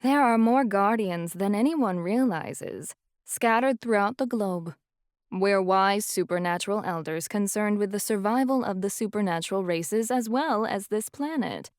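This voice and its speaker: A woman's voice: medium pitch, measured pace, dry recording, clean studio sound, lightly acted. A woman voicing a cheerful, spiritual elderly woman professor who talks in a lilting, airy way. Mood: earnest.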